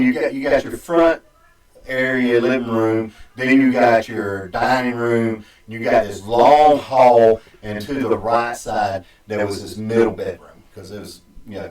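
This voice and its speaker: A man hosting a podcast, telling a story in a rambling, halting way, full of restarts and fillers. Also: medium pitch, darkish tone. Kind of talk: casual storytelling. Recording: echoey room, distant mic.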